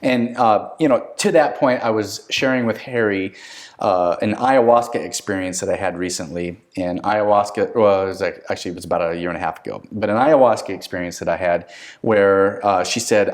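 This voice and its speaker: Brief: male host, lowish voice, animated storyteller in a casual interview. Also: a little fast. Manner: animated anecdote-teller who acts out quotes. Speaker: podcast host. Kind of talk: conversational interview, personal storytelling.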